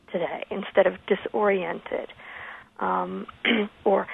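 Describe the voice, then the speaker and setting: A woman who writes about grammar, a guest on a radio call-in show, explaining usage in a measured, thoughtful way with short pauses. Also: mid-range voice, fairly even intonation, creaky, slightly rough, no room sound. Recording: phone line.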